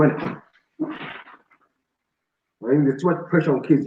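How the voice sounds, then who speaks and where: Man in his 40s, show host, animated storyteller, slightly high voice, echoey lo-fi audio. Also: quick pace, few pauses, slight background noise. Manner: lively storyteller who acts out quotes. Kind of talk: casual chat. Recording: roomy, dull lo-fi sound.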